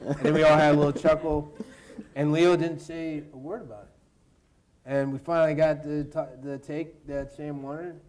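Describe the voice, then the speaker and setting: Animated male actor telling a story. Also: fairly high pitch, normal speed. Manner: animated, laughing storyteller who mimics others. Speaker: actor, interview guest. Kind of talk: anecdotal interview storytelling. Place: university event on stage.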